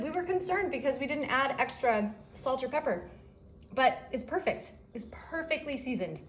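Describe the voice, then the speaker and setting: A woman's voice: high voice, animated, normal speed, slight background noise. A woman hosting a casual cooking demonstration in her home kitchen, chatty and enthusiastic as she talks to her partner off camera. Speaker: cooking show host.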